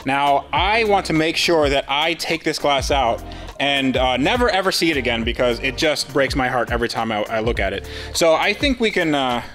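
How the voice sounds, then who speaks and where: A man in his thirties hosting a casual car-build video, animated and self-deprecating, with a sponsor read. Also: medium pitch, normal speed, soft background music. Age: 30s. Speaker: host.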